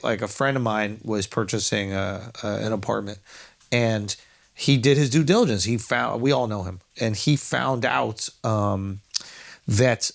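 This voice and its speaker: A man's voice: fairly low pitch, vocal fry. A man co-hosting a podcast, reacting emphatically and swearing in casual chat. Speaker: podcast co-host.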